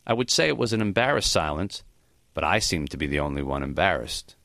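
A man narrating a memoir in the first person, reflective and measured. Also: rumbling low, very animated, creaky, bright, forceful tone, no echo, clean studio sound. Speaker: audiobook narrator.

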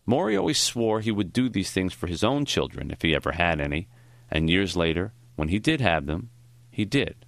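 A man narrating a first-person memoir audiobook in a reflective, measured way. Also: deep voice, sing-song, no echo.

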